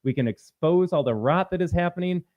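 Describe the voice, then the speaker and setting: A man's voice: high-pitched, animated, brisk, no room sound, lo-fi sound. A man hosting a live-streamed political commentary show, talking combatively and reading out viewer comments. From Minnesota.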